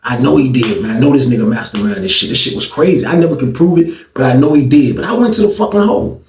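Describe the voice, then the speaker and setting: A man telling a story from his past in a casual, animated way, full of slang and repeated lines, acting out what people said. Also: mid-range voice, fast, slight background noise. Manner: animated, slangy, repetitive, acts out quotes. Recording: echoey room, distant mic.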